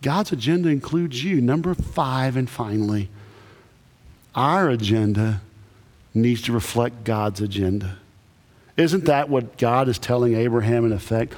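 A man who is a Baptist pastor, preaching a sermon with emphatic, animated delivery and lots of repetition. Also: mid-range voice, a little slow. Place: church sanctuary. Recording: echoey church hall.

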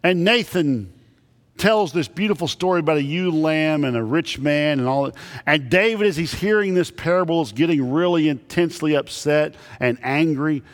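A male pastor preaching a sermon with emphatic delivery and dramatic pauses, dropping low on his key lines. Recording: long reverb in large hall.

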